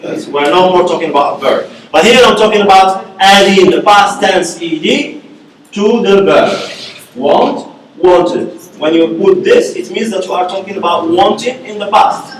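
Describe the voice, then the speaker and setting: Heard from far off in a reverberant classroom, a male university lecturer speaks at a normal pace in a high voice, with a little hiss or hum in the audio. He repeats key words and keeps asking "okay?"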